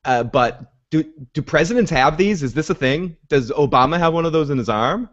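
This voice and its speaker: A man's voice: moderate pace, muffled recording. Chatty man recapping a TV show. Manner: animated, laughs, mimics characters in high voices. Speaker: podcast host. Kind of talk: casual TV recap chat.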